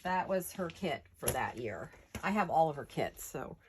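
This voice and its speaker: A woman's voice: low-pitched, very animated, moderate pace, background noise. A woman with a stuffed-up nose from a head cold gives a chatty, rambling, self-deprecating paper-craft tutorial in her home studio.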